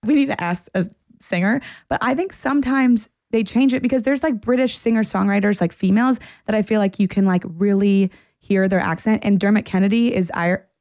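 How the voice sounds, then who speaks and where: A woman's voice: medium pitch, brisk, darkish tone, dry recording, studio quality. A woman co-hosting a podcast in casual chat, musing thoughtfully and easily. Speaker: podcast co-host.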